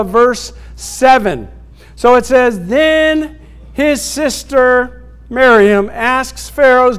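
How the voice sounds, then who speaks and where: A male pastor with an extremely high, clean voice preaches with call-and-response asides, calling out to the congregation for replies. He acts out scripture scenes in quick bursts.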